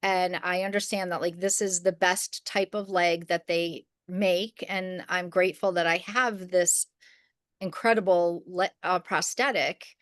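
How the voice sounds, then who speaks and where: A middle-aged woman telling a story on a podcast, casual and rambling, with many restarts and fillers. Her voice is smooth and clear, recorded close and dry. She slips into the voices of the people she quotes. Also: lowish voice, steady tone, unhurried, a bit bright, dry recording. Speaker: podcast co-host.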